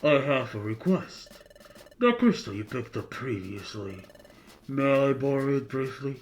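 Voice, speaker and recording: A man's voice: mid-range voice, expressive, a little slow, slight background noise, natural voice. A man reading a game character's lines aloud, speaking in a polite, formal, pleading manner.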